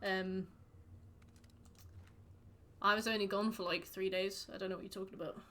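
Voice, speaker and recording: A woman's voice: mid-range voice, fairly even intonation, moderate pace, a bit bright. A woman streaming a game, chatting casually with her viewers in a rambling, playful way. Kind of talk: casual chat while gaming.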